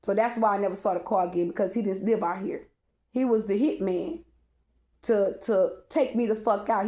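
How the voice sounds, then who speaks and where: A woman's voice: medium pitch, darkish tone. Rambling woman telling a story. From Texas. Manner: rambling, many fillers, addresses the audience directly, profane. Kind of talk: casual storytime monologue.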